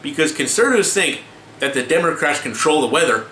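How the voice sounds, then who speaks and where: A man vents to camera in a loose, stop-start rant full of swearing and restarts. His voice is bright and forceful. The room is echoey, with faint ambient noise behind him. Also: on the high side, lively intonation, fairly quick. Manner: exasperated, swearing, many restarts and filler words. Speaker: vlogger. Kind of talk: casual ranting commentary to camera.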